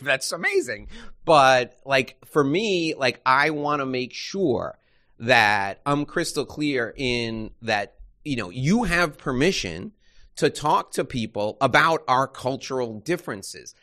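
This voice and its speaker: Bright-voiced male podcast host. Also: medium pitch, sing-song, a little slow. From New York. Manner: rambling, restarts often, upbeat when wrapping up. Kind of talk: casual interview chat.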